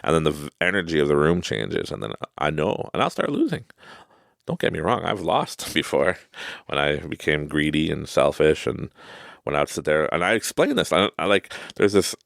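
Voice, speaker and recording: A man's voice: rumbling low, big pitch swings, moderate pace, vocal fry, fairly bright tone, no echo, studio quality. A man hosting a podcast, telling casual, rambling stories, laughing often and acting out quoted people. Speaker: podcast host. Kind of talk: casual storytelling monologue.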